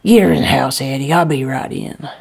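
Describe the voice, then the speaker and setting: A weary, sick father, as a woman storyteller puts him on, speaks in hushed, half-whispered warnings. His voice is gravelly and husky. He talks slowly. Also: deep voice, heavily acted. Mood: urgent. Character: weary sick rural father, grown man.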